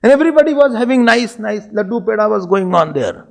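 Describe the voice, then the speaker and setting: Man, swami giving a devotional talk, animated storyteller, lively pitch, gravelly. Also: quick pace. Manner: animated storyteller, slipping into Hindi phrases. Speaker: swami, spiritual teacher.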